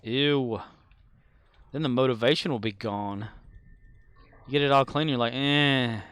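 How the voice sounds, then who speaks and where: A man's voice: medium pitch, unhurried, fairly bright tone, clean tone, no room sound. A man streaming a game, chatting casually with viewers in a rambling way and chuckling often. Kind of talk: casual live-stream chat.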